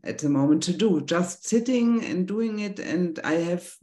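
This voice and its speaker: A woman's voice: fairly low pitch, lively intonation, measured pace, warm tone. A middle-aged woman with a German accent, a native German speaker, hesitantly and nervously asking a teacher a personal question over a video call. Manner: hesitant, nervous, searching for words.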